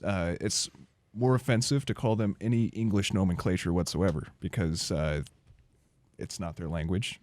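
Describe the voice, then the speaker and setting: A young man with a very low voice hosts a casual radio panel, hesitant and full of ums. The mic sound is dry and close. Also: darkish tone, no room sound. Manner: hesitant, many ums and uhs. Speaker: radio show host.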